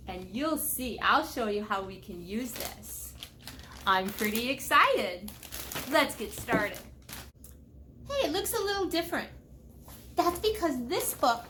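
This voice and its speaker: A woman's voice: high voice, fairly bright tone, slight background noise. A woman reading a picture book aloud to young children, playful and asking them questions. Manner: playful, talks to young viewers, asks questions. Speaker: children's storyteller.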